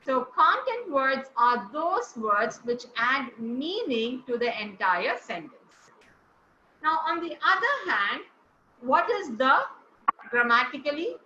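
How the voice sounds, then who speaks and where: A woman leads a speaking lesson with a high, bright voice. She explains step by step and keeps asking the group questions. The sound is roomy and a little dull, as if taped in an echoey meeting room. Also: sing-song, slow, slight background noise. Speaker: speaking coach. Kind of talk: classroom lesson on word stress.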